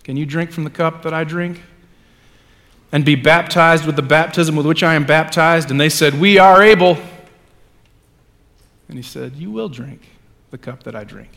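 Man, pastor, sermon, slightly high voice, long church reverb, hushed-to-loud scripture reading. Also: normal speed, pauses often. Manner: reads scripture with dramatic swings from hushed to loud; conversational asides with fillers.

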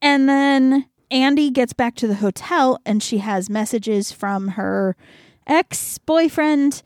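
A young adult woman with a high-sitting voice talks slowly in a dry, studio-quality recording. Co-hosting a casual book-chat podcast, she chattily retells a book's plot, leaning heavily on "like" as filler.

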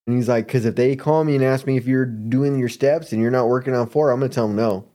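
A man's voice: medium pitch, quick pace, dark tone. A man telling a casual story as a podcast guest, laid-back and slangy, mimicking people he quotes. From Arizona.

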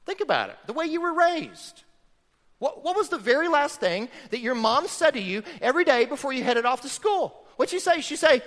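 Male pastor, high and animated, emphatic preaching style, long reverb of a big sanctuary. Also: brisk. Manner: emphatic, rhetorical questions to the congregation. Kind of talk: sermon. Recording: long reverb of a large hall.

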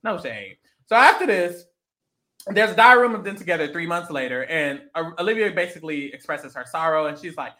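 A podcast co-host recapping a reality show in casual chat, animated and gossipy, swearing freely and acting out quotes. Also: mid-range voice, a little fast.

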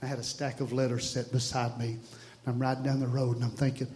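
A man preaching an impassioned sermon in a church, swinging from hushed tones to shouting. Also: medium pitch, level tone, fairly quick.

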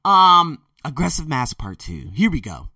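A man's voice: on the high side, a little slow, dry recording, clean studio sound, distant mic. A young man casually telling personal stories in a loose, conversational way. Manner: animated, loose and conversational, swinging from loud to quiet. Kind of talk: casual storytelling monologue.

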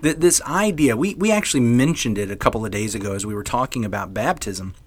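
A man's voice: mid-range voice, lively intonation, quick pace. A man co-hosting a Bible podcast, reading scripture expressively like a story for kids and chatting casually. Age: adult parent. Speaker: podcast co-host.

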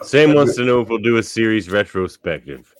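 A man's voice: fairly low pitch, animated, brisk. A man co-hosting a podcast, chatting casually and dropping dry, teasing asides. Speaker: podcast co-host. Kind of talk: casual chat.

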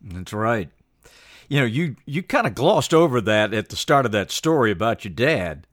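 A man's voice: medium pitch, sing-song, normal speed, a bit bright, dry recording, clean studio sound. A man hosting a podcast, interviewing a guest with polished broadcaster delivery.

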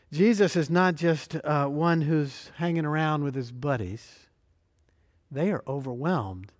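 A man preaching a sermon, slow and emphatic, with dramatic pauses. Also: fairly high pitch, darkish tone, long reverb tail. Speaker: pastor.

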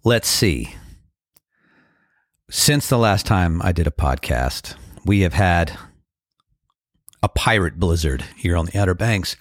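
A man hosting his own podcast, talking casually and reflectively with many fillers, a slight frog in his throat that he keeps clearing. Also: low voice, animated, slow, pauses often, dry recording, studio quality. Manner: rambling, reflective, loose with fillers. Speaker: podcast host. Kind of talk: casual solo podcast talk.

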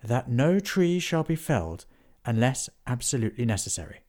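A man's voice: medium pitch, sing-song, normal speed, a little mellow. A man voicing a cheerful, eager companion.

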